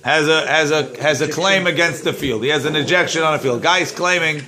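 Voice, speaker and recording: A man's voice: fairly high pitch, fairly quick, a crowd in the background. A male rabbi teaching a Talmud class, reading Hebrew-Aramaic text and explaining it in English, acting out the claimants with a raised voice. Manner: animated, acts out the claimants with raised voice; repeats words while searching.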